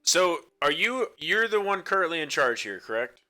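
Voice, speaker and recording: A man's voice: fairly high pitch, very animated, normal speed, bright, forceful tone, soft background music. A man playing a tabletop game who speaks in character as a lord, assured and courteous. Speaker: player.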